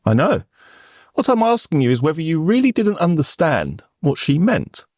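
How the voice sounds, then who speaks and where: Male prosecutor for a courtroom reenactment: formal, probing, lively pitch, dry close sound. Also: normal speed, no echo. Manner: formal, probing, pointed questions. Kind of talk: courtroom cross-examination reenactment.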